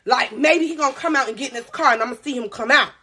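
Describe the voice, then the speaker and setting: Young woman doing a storytime on a live vlog, high pitched and bright, talks slangy and laughs a lot. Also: racing, slightly rough. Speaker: vlogger.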